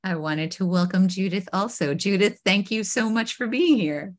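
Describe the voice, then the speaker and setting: A woman's voice: medium pitch, normal speed. A woman from Queens hosting a live online talk show over a video call, enthusiastic and effusive, often restarting her words. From Queens, New York. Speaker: host.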